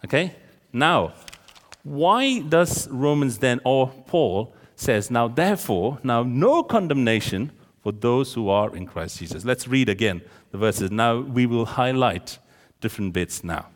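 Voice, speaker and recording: A man's voice: mid-range voice, expressive, a little slow, in a large hall. A man preaching a sermon, explaining scripture verse by verse and often checking with the congregation. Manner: expository, asks the audience questions.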